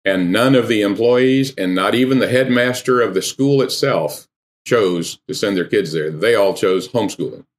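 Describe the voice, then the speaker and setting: An older man talking as a podcast guest, giving advice in an animated, conversational way. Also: fairly low pitch, normal speed.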